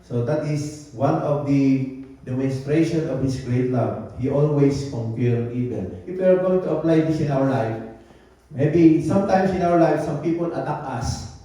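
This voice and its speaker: A man preaches a sermon in a very echoey church hall, heard from some distance off the mic. His voice is mellow and dark in tone. He repeats his points and mixes in phrases. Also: medium pitch, normal speed. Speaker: pastor.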